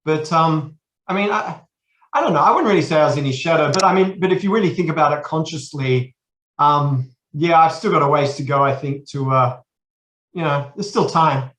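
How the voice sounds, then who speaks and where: A man's voice: a little high, moderate pace, fairly bright tone, roomy sound. An Australian man in his forties, a podcast guest, talking casually and rambling with many restarts. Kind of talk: casual chat.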